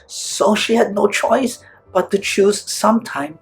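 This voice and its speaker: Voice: medium pitch, little pitch movement, slow, slightly rough, soft background music. A storyteller reading a classic tale aloud, stopping often to restate harder words in simpler English and acting out the quoted lines playfully. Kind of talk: read-aloud storytelling with word explanations.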